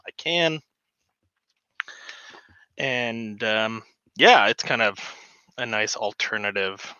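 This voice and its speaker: A man's voice: medium pitch, sharp tone, no echo. A man hosting a casual live stream from his hobby room. He talks in an easygoing, chatty way and laughs often. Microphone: desk microphone. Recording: slightly dull lo-fi sound.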